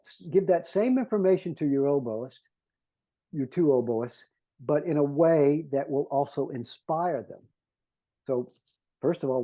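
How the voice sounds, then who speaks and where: A man's voice: a little high, mellow, husky, muffled recording. A man, a composer, earnestly explaining his scores to conductors and humming melodies to make his points. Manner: earnest teacher who hums melodies to illustrate.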